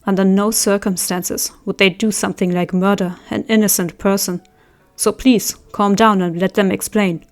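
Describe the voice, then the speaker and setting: A woman voicing a proud young man who firmly calms a crowd and snaps impatiently at his cousin. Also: medium pitch, moderate pace, faint music behind, close to an everyday voice. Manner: firm, impatient, huffy. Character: proud, prickly young man, the little phoenix.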